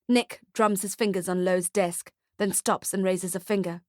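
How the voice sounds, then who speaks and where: A woman narrating a darkly comic audiobook in a wry, even way on a close mic. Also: mid-range voice, moderate pace, few pauses, no echo. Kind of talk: scripted narration.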